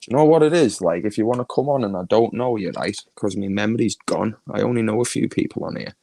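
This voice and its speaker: A man's voice: fairly low pitch, quick pace, vocal fry, dark tone, no room sound, low-quality recording. A man with a Liverpool accent hosting a livestream, ranting crudely and mockingly, laughing often. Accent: Liverpool (Scouse). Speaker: livestream host.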